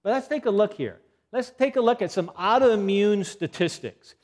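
A man's voice: high-pitched, expressive, moderate pace, darkish tone. A man giving an earnest health lecture, emphatic and given to repeating key points.

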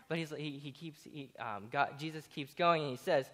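A young man delivers a relaxed, joking sermon, his slightly higher voice carrying a long hall echo. He stumbles often, circling back with "uh" and "you know" before landing his point. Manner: halting, with many fillers and restarts, jokey retelling. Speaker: speaker giving a Bible talk. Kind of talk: casual sermon.

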